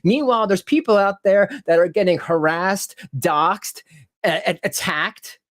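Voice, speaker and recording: A man hosting his channel, heated and profane, ranting in casual commentary and laughing often. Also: measured pace. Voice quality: animated, jumps into high mocking voices when quoting critics. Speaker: channel host.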